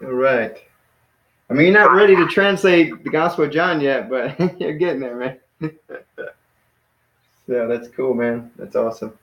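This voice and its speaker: A man giving a relaxed, encouraging one-on-one Greek lesson, laughing easily and calling his student "man". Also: medium pitch, unhurried, long pauses, roomy sound, highs cut off, a little hiss or hum. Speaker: Greek teacher. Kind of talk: casual one-on-one language lesson.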